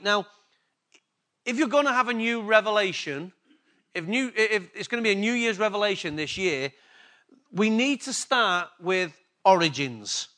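An English-accented pastor delivers a sermon at a moderate pace, his high voice animated and sharp in tone. He asks the congregation questions and repeats key words for emphasis.

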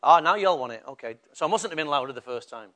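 Guy pastor w a high voice, chatty sermon that builds up loud in spots. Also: expressive, fast talker. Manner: conversational preaching, rising to emphatic bursts.

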